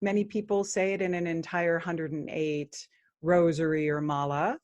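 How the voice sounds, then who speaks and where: A woman guest on a podcast talks earnestly about spiritual practice. Her voice sits on the low side, and at times she chants mantras slowly. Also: steady tone, darkish tone, highs cut off. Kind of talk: spiritual interview talk.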